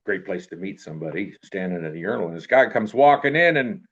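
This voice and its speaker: An older man with a lowish voice tells stories in a loose, rambling way. He restarts his sentences and lets them trail off with throwaway tags. The recording sounds a little dull and lo-fi. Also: animated, fast, a bit bright, husky. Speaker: actor telling stories. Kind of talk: casual anecdote in an interview.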